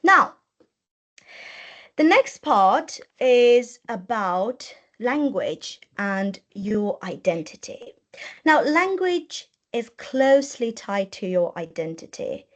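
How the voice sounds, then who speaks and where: A woman's voice: a little high, sing-song, slow pace. Woman giving a webinar talk. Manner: explanatory, repeats and rephrases while talking. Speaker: webinar presenter. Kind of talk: webinar lecture. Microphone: computer mic on a video call.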